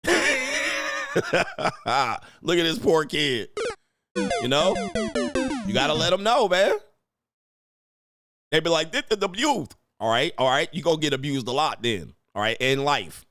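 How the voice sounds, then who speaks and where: A man's voice: a little high, sing-song, takes it slowly, pauses often, a bit bright, soft background music. A man giving casual, profane reaction commentary on parenting clips, blunt and laughing often.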